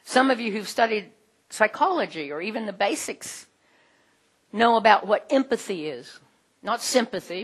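A middle-aged woman teaching a group in a conversational way, animated, with many fillers. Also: a little high, slightly rough. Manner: animated, acts out quoted voices, frequent fillers.

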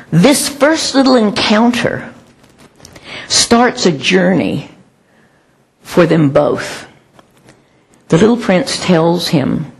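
A woman preaching a sermon and praying, in a chatty, animated way with asides. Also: low-pitched, creaky, slightly rough.

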